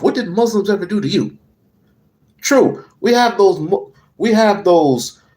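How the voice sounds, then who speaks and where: Man as a commentator on a heated rant, slightly raised voice swinging widely, slow deliberate delivery, swears and repeats himself for emphasis. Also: a little high, a little mellow. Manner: profane, emphatic, repeats phrases. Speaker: political commentator. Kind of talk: heated political rant to camera.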